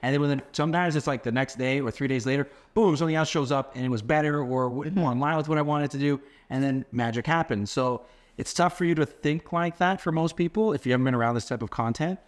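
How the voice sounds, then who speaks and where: Fast-talking man telling stories on a podcast. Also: mid-range voice. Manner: storytelling, quotes people in animated voices. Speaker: podcast co-host. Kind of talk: casual podcast chat.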